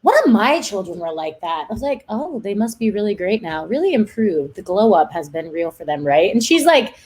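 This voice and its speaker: A woman's voice: medium pitch, sing-song, fairly quick, a little mellow. Chatty giggly young woman. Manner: giggly, chatty storyteller, lots of "like". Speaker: guest. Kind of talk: casual chat.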